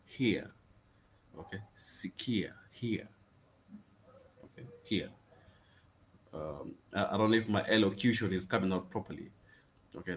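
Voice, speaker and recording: A man's voice: sits low, slight background noise. A man teaching an informal language lesson, repeating each word several times, saying "okay" constantly and restarting his sentences often. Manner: drills words by repeating them, says "okay" constantly; frequent restarts and stammers. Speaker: Swahili teacher.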